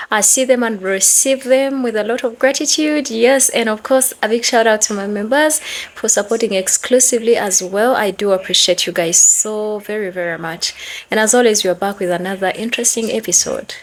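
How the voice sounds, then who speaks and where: A woman hosts her commentary channel and talks straight to her viewers. She greets them warmly and thanks supporters before leaning into slow, emphatic points. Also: mid-range voice. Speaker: channel host. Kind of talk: casual commentary to camera.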